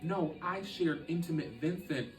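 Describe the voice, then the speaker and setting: Man, emotional personal storytelling, earnest and halting, distant mic, roomy sound, music behind. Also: fairly high pitch, steady tone. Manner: earnest, halting, with repeated restarts. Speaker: podcast guest.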